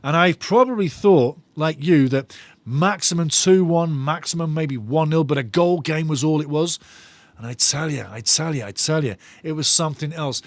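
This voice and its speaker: A man's voice: a little high, moderate pace. A man with a slightly raised voice hosts a live football watch-along, reading viewers' comments aloud with eager enthusiasm. He tends to repeat his phrases. The sound is dry and close, with no room echo. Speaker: fan channel host.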